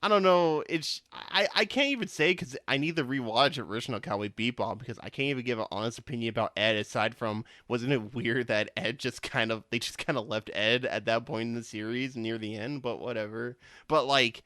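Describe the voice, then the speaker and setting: Rambling young podcast host, smooth voice. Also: male voice, medium pitch, fairly quick, hardly any pauses, pushed and bright, no echo, clean studio sound. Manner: rambling, swears a lot, restarts. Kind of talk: casual podcast chat.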